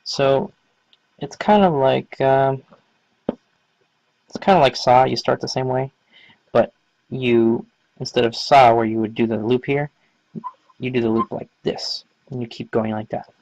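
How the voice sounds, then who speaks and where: A man's voice: medium pitch, unhurried, gravelly, long pauses, a little mellow, dry recording, muffled recording. A man casually explaining writing lessons, rambling with many fillers. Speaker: language teacher. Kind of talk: casual instructional talk.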